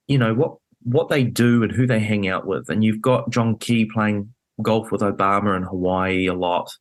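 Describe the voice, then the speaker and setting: A man's voice: fairly low pitch, moderate pace, hardly any pauses. A man talking politics as a podcast guest, emphatic and indignant, with many fillers. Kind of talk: animated political chat. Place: podcast studio.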